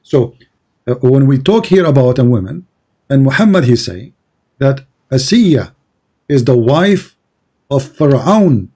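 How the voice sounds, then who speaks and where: A man's voice: medium pitch, sing-song, measured pace, pauses often, dark tone, husky. A man whose first language is Arabic, insistent and lecturing in a heated debate, often repeating his words. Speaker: debate host.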